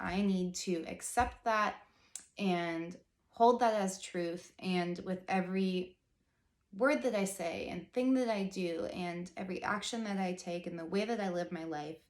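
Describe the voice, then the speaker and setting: 30s woman vlogging about her faith, chatty and earnest, lots of "like", bit of room echo. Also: on the low side. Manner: chatty, rambling, heavy use of "like", earnest. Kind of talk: casual personal storytelling.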